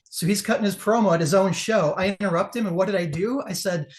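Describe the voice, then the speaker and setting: A woman's voice: medium pitch, fast talker, few pauses. Woman wrestler on a judging panel, mid-range voice, blunt and swears freely, on a video call. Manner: blunt and profane, with laughs. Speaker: wrestler and promo competition judge. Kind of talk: casual critique on a live panel.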